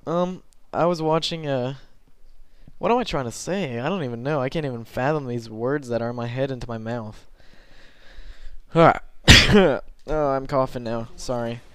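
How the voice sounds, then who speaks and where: A young man giving rambling, self-conscious gameplay commentary from his bed late at night, filling pauses with lots of ums. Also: medium pitch, a bit bright, smooth, dry recording.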